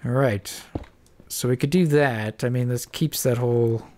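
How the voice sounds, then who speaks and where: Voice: mid-range voice, steady tone, measured pace, darkish tone. Stuffed-up, mumbling gamer thinking aloud. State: stuffed-up nose. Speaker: Minecraft let's-player. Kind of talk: casual building commentary.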